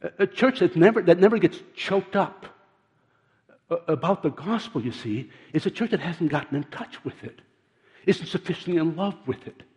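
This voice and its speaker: Older male preacher, halting and earnest. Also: on the high side, lively intonation, darkish tone. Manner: halting, repeats words, earnest storytelling. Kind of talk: sermon. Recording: dull sound in a large reverberant hall.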